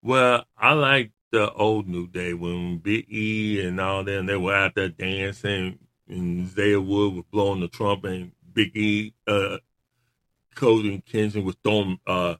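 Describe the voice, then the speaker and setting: A man with a fairly low voice chats casually and tells stories with lots of animation. He laughs often as he talks. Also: steady tone, unhurried, a bit bright. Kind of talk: casual chat about wrestling.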